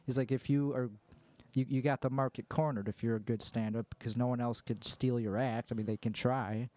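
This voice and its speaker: A man's voice: mid-range voice, steady tone, fairly quick, darkish tone, dry recording. A man co-hosting a podcast, asking probing questions about performing and laughing easily. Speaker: comedian, podcast co-host. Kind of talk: casual chat.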